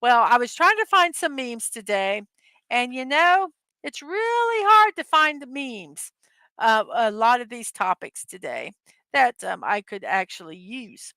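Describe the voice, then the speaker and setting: Reading silly memes on her casual daily morning livestream, a middle-aged woman speaks unhurriedly in a fairly high voice with big pitch swings and a pushed, bright quality. She chats away, giggling and frequently laughing at her own jokes, and the sound is dry.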